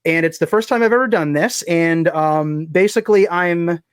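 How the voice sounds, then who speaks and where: Rambling high-voiced man, casual chat. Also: normal speed, clean tone, no echo, clean studio sound. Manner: rambling, self-deprecating, many restarts. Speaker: guest, fiction writer.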